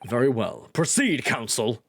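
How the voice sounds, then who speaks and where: A man's voice: medium pitch, sing-song, fairly bright tone, a little hiss or hum, pitched below the performer's own voice. A man reading as a stern formal judge. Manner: measured, formal pronouncements.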